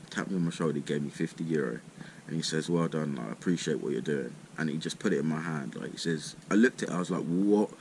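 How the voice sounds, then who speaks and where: A man's voice: sits low, slight background noise. A young man telling a rambling, casual story full of swearing and "mate". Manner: rambling, swears a lot, says "mate" and "literally" often.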